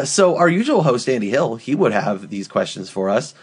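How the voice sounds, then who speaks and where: A man's voice: medium pitch, big pitch swings, moderate pace, husky. A man hosting a comedy podcast, bantering and joking, sometimes switching into a mock-grand, solemn tone. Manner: jokey, slips into mock-grand solemn delivery. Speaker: podcast host.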